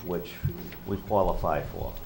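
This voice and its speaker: Man, very deep voice, hesitant, halting questions, roomy town hall, background noise. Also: steady tone, gravelly. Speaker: resident asking questions. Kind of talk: questions at a public meeting. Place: town hall meeting room.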